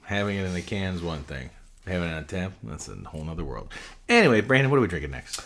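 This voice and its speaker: A man with a very low, deep voice hosts a podcast in loose, casual chat. He rambles a little, leaning on "like" and "you know" as he thinks aloud. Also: big pitch swings, fast talker, gravelly, fairly bright tone. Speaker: podcast co-host.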